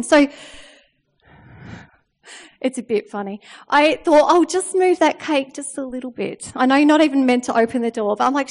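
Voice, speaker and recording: A high-voiced woman delivers a sermon, telling stories in a chatty, animated way. She keeps checking in with her listeners. Her voice rings out with a long reverb, as in a large hall. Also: normal speed, pauses often. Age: 30s. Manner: chatty, animated storytelling with frequent "okay?" check-ins. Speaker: preacher. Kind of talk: sermon with personal story.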